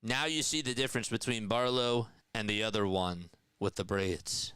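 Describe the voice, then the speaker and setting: A man's voice: fairly low pitch, steady tone, moderate pace, a bit bright, smooth, dry recording, rough recording. A young man giving casual radio-style basketball play-by-play, chatting with his viewers between plays. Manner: casual, chatty, reads viewer comments aloud. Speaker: play-by-play announcer.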